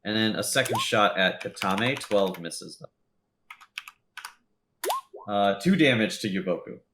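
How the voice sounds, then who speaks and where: A man's voice: lowish voice, lively intonation, unhurried, background noise. A man running a tabletop game as game master, narrating loosely with lots of fillers and laughs.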